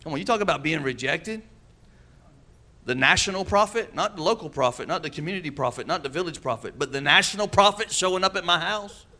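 A man's voice: a little high, animated, a little fast, sharp tone. Man preaching with playful call-and-response. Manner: acts out quoted voices with humor. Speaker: pastor. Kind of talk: sermon.

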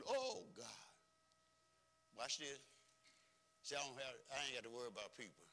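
A man preaching a folksy, emphatic sermon as pastor, swinging between soft and loud. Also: a little high, moderate pace, gravelly, pauses often. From rural background.

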